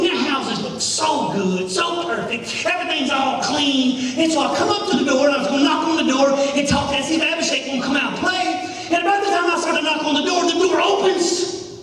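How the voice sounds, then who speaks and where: A man with a drawl acts out a dramatic monologue as an oldest son, his voice very high and thin. He is heard from far off in a big, echoing hall with a long reverb tail. His storytelling swings between joking and grief, sometimes rising to shouts. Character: boy from the firstborn family, oldest son. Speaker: actor in a church drama monologue. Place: large hall or campground venue.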